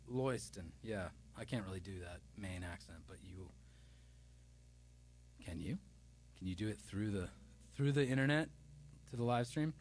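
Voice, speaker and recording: A man with a medium-pitched voice hosts a casual music live stream, rambling playfully and reading viewer comments aloud. He's loose and self-deprecating, restarting often. A little hiss or hum is audible.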